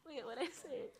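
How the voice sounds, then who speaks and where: Giggling young woman, high voice. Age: young adult. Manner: giggling and embarrassed. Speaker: audience member.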